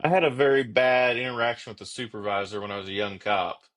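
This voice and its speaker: A man who is a police officer and podcast guest, explaining his views in a steady, reflective way. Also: mid-range voice, quick pace. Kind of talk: casual conversational interview.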